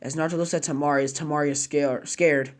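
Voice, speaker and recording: A man's voice: a little high, steady tone, fast. A man narrating a fan-made story casually, chaining run-on clauses with slang and fillers.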